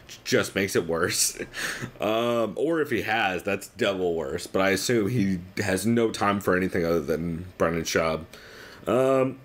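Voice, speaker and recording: A young man hosting a podcast, recapping another show in a rambling, profane, exasperated way. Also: low-pitched. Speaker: podcast host.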